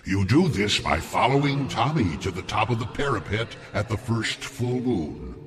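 A man's voice: on the low side, big pitch swings, normal speed, long reverb tail. Man doing a sinister occult computer voice. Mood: ominous.

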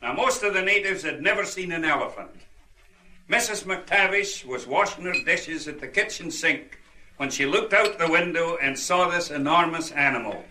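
A man's voice: on the high side, normal speed, sharp tone, poor audio. A man with a Scottish accent telling jokes to an audience, chuckling as he goes. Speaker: comedian.

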